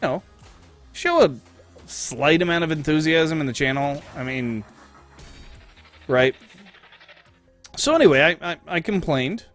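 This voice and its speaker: A young man streaming live, ranting and telling stories in a casual, profane, animated way. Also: on the high side, a little slow, pauses often, faint music behind.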